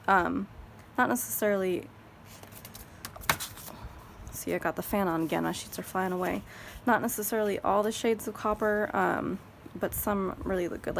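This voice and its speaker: A woman's voice: medium pitch, gravelly, a little hiss or hum. A woman with a Texan accent, chatting casually and rambling as she thinks aloud at her planner desk at home. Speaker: planner vlogger. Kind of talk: casual chat. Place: home craft desk with a fan running.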